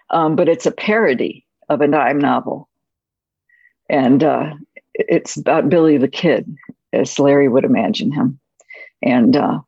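A woman screenwriter reflecting on a film shoot, speaking softly and haltingly, with many pauses and restarts. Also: deep voice, breathy edge, no room sound. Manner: soft-spoken, halting, with frequent pauses and restarts. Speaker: screenwriter guest. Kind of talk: reflective anecdotal storytelling. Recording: dull, muffled audio.

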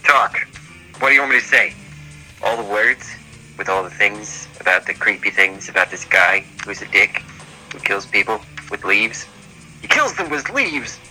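A man's voice: lowish voice, steady tone, moderate pace, pushed and bright, rough recording. A man joking around as a podcast guest in casual chat, profane and playful. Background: faint background music.

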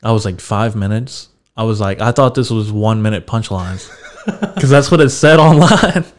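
A man's voice: fairly low pitch, expressive, normal speed. A young man hosting a podcast, telling a story in a casual, laid-back way. He swears freely and laughs as he talks. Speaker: podcast host.

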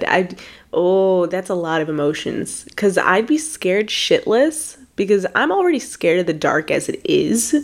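A young woman co-hosting, reacting to a story in casual, animated talk with frequent swearing. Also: fairly low pitch. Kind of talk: casual chat.

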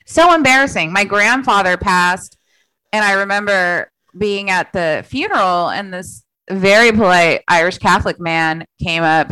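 A woman's voice: lowish voice, moderate pace, bright, forceful tone, clean tone, poor audio. Chatty woman telling rambling stories. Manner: rambling, self-deprecating, filler-heavy storytelling with frequent laughs. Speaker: podcast guest. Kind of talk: casual chat.

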